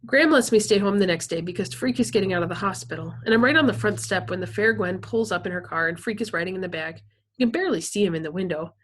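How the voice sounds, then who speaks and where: Casting: a woman narrator, expressive storybook reading, mid pitch. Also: fast. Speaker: reader. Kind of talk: reading a novel aloud.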